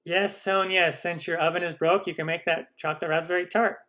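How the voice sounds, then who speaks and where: A man's voice: high voice, level tone, a little fast, pushed and bright. A man hosting a live cooking stream, chatty and enthusiastic as he reads out and answers viewer questions. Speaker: cooking channel host.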